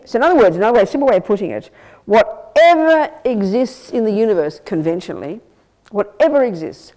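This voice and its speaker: An older woman, a Buddhist nun, gives an emphatic dharma teaching in a meditation centre hall, her medium-pitched voice a little mellow. She repeats and restarts phrases as she explains.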